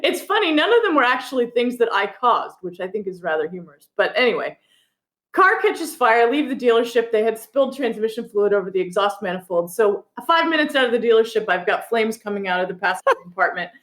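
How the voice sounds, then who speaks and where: A woman, a guest author, telling a personal story in a relaxed interview and laughing now and then. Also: a little high, fairly quick, echoey room. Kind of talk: conversational storytelling.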